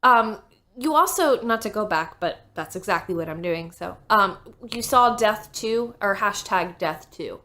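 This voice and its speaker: A woman's voice: medium pitch, expressive, a little slow, bright, forceful tone. A woman co-hosting a casual podcast, making blunt, short, teasing remarks. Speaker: podcast co-host.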